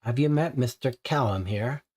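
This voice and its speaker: A man's voice: medium pitch, normal speed, close to an everyday voice. A man voicing a shady gambler who pushily waves people over and eagerly invites them to a betting ring. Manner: pushy, excitable.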